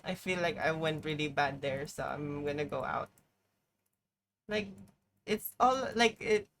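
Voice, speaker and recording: A woman's voice: low-pitched, a little slow, gravelly, a bit bright, slight background noise. A woman streaming live, commenting on her game in an exasperated, profane way, peppering her talk with "like". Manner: exasperated, profane, heavy use of "like".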